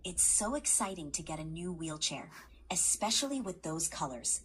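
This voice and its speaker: A woman's voice: fairly low pitch, moderate pace, a little hiss or hum. A woman's voice, computer-made, guiding a language lesson in a patient, encouraging way. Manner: patient, encouraging, even-paced. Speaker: language tutor assistant.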